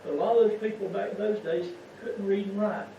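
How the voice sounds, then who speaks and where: High-voiced man preaching folksy sermon. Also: fairly even intonation, a little fast, creaky, dark tone, a little hiss or hum. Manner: folksy, keeps asking the congregation rhetorical questions. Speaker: lay preacher. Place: church sanctuary. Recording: echoey, muffled church sound from far off.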